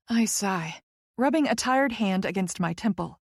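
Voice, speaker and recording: A woman's voice: medium pitch, lively intonation, unhurried, slightly rough, no echo, studio quality. A woman narrating a first-person romance audiobook in a wry, conversational way.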